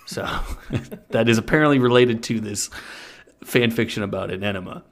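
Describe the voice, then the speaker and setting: A man's voice: medium pitch, normal speed. A man hosting a comedy podcast, reading fan fiction aloud and breaking off with laughing asides. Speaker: podcast co-host.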